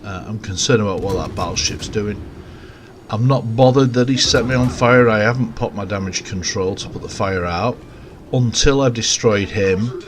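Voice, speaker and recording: A man giving casual, rambling commentary over a recorded game, with relaxed, self-mocking asides. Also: fairly low pitch, normal speed, noisy background. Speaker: gameplay commentator.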